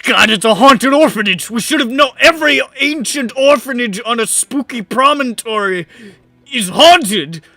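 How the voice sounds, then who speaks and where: A shrill, panicky young cultist in a tabletop game, yelling in melodramatic terror, as a man puts him on. The voice sits high and bright, dry and close to the mic. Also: animated, moderate pace, no echo, soft background music, heavily acted. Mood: panicked. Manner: shrill, frantic, theatrical.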